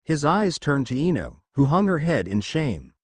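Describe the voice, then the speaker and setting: Lively male fan-fiction narrator. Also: a little high, moderate pace, slightly rough, no room sound.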